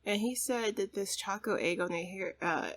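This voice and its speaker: A woman's voice: medium pitch, normal speed. A woman hosting a let's play, giving casual, chatty gameplay commentary full of "like" and "you know". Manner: chatty, laughs often, says "like" and "you know".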